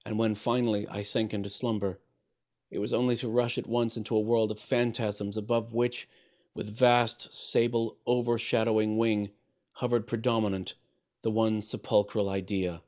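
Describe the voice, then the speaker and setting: A man with a lowish, level-toned voice narrates a gothic story in a measured, theatrical style. He swells louder on dramatic phrases and lets them fall soft at the end.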